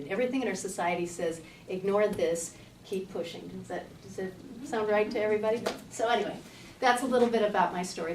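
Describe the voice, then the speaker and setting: A woman's voice: lowish voice, slight background noise. Middle-aged woman telling her story, roomy. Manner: lively personal storytelling. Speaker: fitness coach and speaker. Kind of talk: motivational talk to a live audience. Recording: roomy, distant audience-talk recording.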